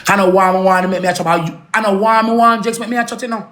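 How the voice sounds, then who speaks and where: A woman's voice: medium pitch, fairly even intonation, quick pace, a bit bright. A woman with a Jamaican accent, ranting angrily, swearing and repeating herself in a heated live rant. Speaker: social media personality.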